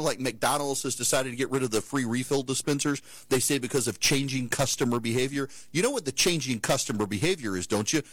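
A man's voice: medium pitch, fairly bright tone, no room sound. A male talk show host telling a story and ranting in an exasperated, opinionated monologue.

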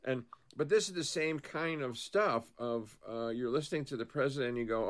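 A man's voice: medium pitch, normal speed, hardly any pauses. A man talking politics casually as a co-host, rambling and restarting his sentences, acting out quotes and stories as he goes.

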